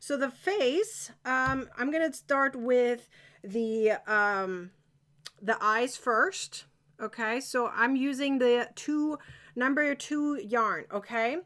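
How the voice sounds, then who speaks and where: A woman's voice: fairly high pitch, slow pace, a bit bright. A woman teaching a live crochet-along, chatty and encouraging, often checking that viewers are following.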